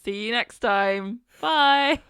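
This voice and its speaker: A British woman co-hosting a podcast in casual chat, wry and quick to laugh. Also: on the high side, fairly bright tone, smooth, dry recording. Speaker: podcast co-host.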